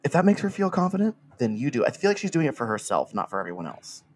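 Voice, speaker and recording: Rambling, animated male podcast co-host. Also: medium pitch, fast, a little hiss or hum. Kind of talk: casual comedy chat.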